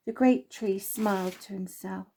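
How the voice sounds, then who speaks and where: A woman gently reading her own children's story aloud, unhurried, with small slips. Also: mid-range voice, creaky, slight background noise.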